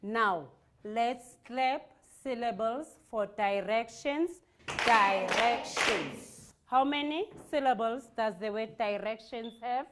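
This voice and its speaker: A South African woman teaches a class of young learners. She speaks very slowly and deliberately, pronouncing each word with care. Her voice sits somewhat high. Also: noisy background. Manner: slow, deliberate, clearly articulated. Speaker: primary school teacher.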